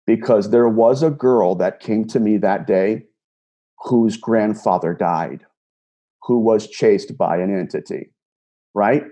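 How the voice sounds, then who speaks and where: A self-described empath speaks slowly in a lowish, mellow voice while telling a personal story. He goes through a conversation line by line, casual and earnest, with lots of repetition and restarts.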